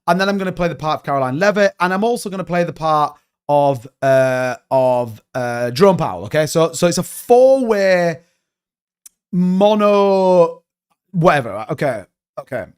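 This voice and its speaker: A man hosting a casual crypto livestream, ranting in an animated, exasperated way with swearing. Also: fairly high pitch, normal speed, smooth.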